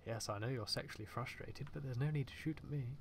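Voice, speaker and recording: Gravelly man swearing through a game stream. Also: mid-range voice, fast, a little hiss or hum. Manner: profane, joking chatter with his chat. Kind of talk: live gameplay commentary.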